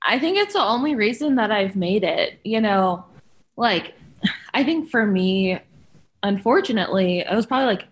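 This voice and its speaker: A woman's voice: medium pitch, sing-song, normal speed. Reflective young woman, casual podcast guest. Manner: reflective, lots of fillers, acts out quoted reactions. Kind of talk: casual conversation.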